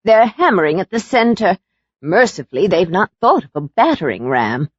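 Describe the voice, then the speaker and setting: A man's voice: high-pitched, sing-song, moderate pace, slightly rough, dry recording, muffled recording, pitched above the performer's own voice, exaggerated voice. A man doing worried young woman Franca. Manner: worried, urgent.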